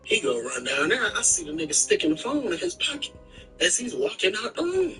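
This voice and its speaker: A man streaming live, telling a story in a casual, animated, slangy way with plenty of swearing. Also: high voice, fairly quick, distant mic, low-quality recording. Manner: animated, slangy retelling with profanity. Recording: voice from off the mic with music behind.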